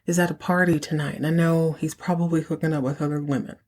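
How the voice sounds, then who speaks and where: A guilt-ridden married woman who speaks softly and quietly, close to the speaker's own low voice, as a woman acts her out in a recap. The tone stays subdued and hesitant. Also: steady tone, quick pace. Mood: guilty.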